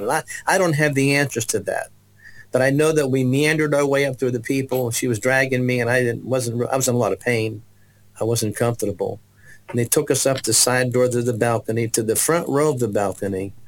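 A man's voice: mid-range voice, low-quality recording. A man giving a personal testimony as a guest, telling his story with restarts and acted-out voices. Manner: animated storyteller, acts out voices, many restarts.

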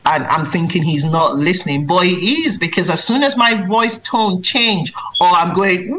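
A woman's voice: fairly low pitch, moderate pace, hardly any pauses, a little hiss or hum, poor audio. A woman who writes children's books and tutors maths, answering interview questions in an earnest, emphatic way. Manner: earnest, emphatic, lively when mimicking reading aloud.

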